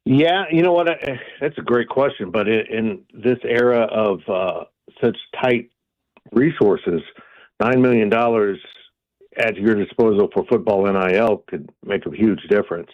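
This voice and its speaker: A male guest reporter with a low voice comes through a muffled, lo-fi line. He answers in a measured way, with frequent pauses and hesitations. The sound is dry. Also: no echo. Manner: measured, many ums and uhs. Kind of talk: radio phone interview.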